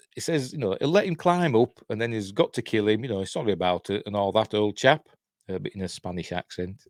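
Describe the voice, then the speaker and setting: Rambling man, lively pitch. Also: no room sound, studio quality. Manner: rambling, sardonic, chuckles often. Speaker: film reviewer. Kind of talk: casual film commentary.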